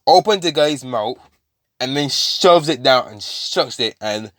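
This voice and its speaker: A man's voice: mid-range voice, expressive, unhurried, fairly bright tone, dry recording, clean studio sound. A man casually retelling a fan-made story, rambling with many fillers and restarts.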